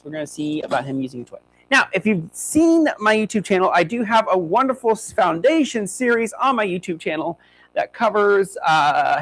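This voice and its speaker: A man's voice: high-pitched, fairly bright tone, low-quality recording. Upbeat, chatty man training his dogs. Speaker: dog trainer. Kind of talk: live-streamed dog training demo. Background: faint hum.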